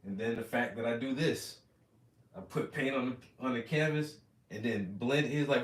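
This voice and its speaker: A man's voice: medium pitch, moderate pace, recorded from a distance. Slangy, profane man in a roomy room. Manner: animated, profane, slangy storytelling. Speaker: oil painter hosting a livestream. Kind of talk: casual chat while painting.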